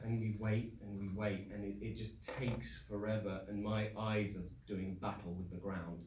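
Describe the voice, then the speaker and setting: A young man telling a true story live on stage, animated, acting out the voices of the people in it. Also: fairly low pitch, moderate pace. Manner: animated, acts out voices in quotes. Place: live event hall with audience. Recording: roomy live hall, distant mic, noisy.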